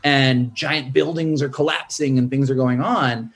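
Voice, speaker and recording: A man in casual film talk, a screenwriter who acts out character lines in a raised, lively voice. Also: measured pace. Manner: animated, acts out character quotes in a higher voice. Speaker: screenwriter and podcast guest.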